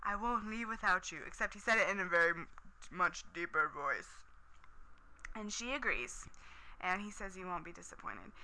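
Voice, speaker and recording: A woman's voice: lowish voice, lively intonation, normal speed, long pauses, bright, forceful tone, a little hiss or hum, poor audio. A woman casually recapping a TV episode, chatty and enthusiastic, with lots of "um" and "like".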